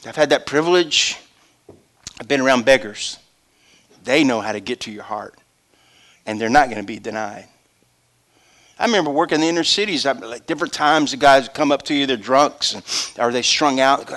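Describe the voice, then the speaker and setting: Lively preacher, bright voice. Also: male voice, medium pitch, moderate pace, pauses often. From Louisiana. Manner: lively, acts out voices, swings from hushed to shouting. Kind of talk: sermon.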